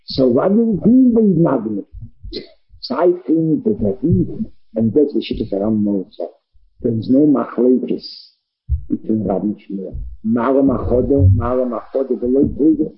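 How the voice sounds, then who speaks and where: A man's voice: mid-range voice, lively intonation, a little slow, husky, lo-fi sound, faint music behind. A man teaching a Talmud lesson, thinking aloud, repeating words and restarting phrases as he works through the argument. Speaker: Torah teacher. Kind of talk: Talmud lecture.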